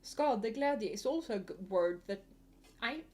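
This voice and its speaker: A woman's voice: a little high, expressive, normal speed, darkish tone. Chatty young woman. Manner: chatty, laughs often, rambling. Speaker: vtuber streamer. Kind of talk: casual chat to a live chat.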